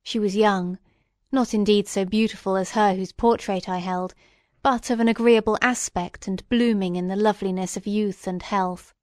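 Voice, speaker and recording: Woman audiobook reader, measured and solemn, very dry close sound. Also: medium pitch, steady tone, a little mellow, no room sound. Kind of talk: literary reading aloud.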